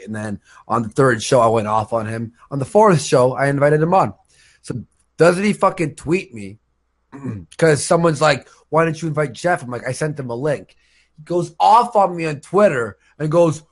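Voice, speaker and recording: A man hosting a live stream, telling stories in a rambling, casual way. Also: mid-range voice. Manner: rambling storytelling with fillers. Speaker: stream host.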